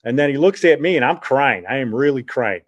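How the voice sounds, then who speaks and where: A middle-aged man telling a childhood story in a rambling, animated way, often correcting himself partway through. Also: mid-range voice, brisk, highs cut off. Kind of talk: casual spoken reminiscence.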